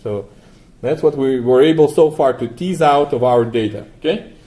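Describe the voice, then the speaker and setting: A man teaching a class, walking through software steps and asking students questions, often adding 'right?'. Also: medium pitch, moderate pace. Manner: asks the class frequent questions, tags 'right?'. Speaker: lecturer. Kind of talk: classroom lecture with software demo.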